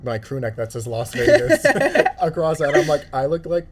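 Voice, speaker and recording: A man's voice: a little high, a loud crowd. A man co-hosting a podcast in casual, comic chat, joking and acting out what people said. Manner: fast, animated, jokey, acts out quotes. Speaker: podcast co-host.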